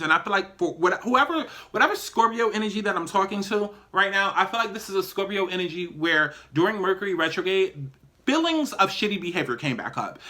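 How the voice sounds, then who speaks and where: Bright, chatty tarot reader man. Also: high-pitched. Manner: chatty, emphatic, profane, addresses viewers directly. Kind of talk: casual tarot reading vlog.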